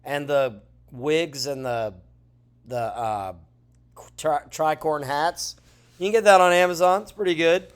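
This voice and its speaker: A man's voice: fairly high pitch, a little slow, smooth. A male teacher talking through a classroom lesson in a chatty way, with joking asides, who says he is tired. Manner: chatty, lively, jokey asides. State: tired, yawning.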